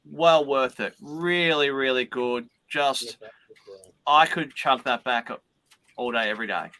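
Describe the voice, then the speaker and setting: Male co-host, bright tone, dry close sound, relaxed. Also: mid-range voice, slow, dry recording. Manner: relaxed, hesitant. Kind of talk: casual chat.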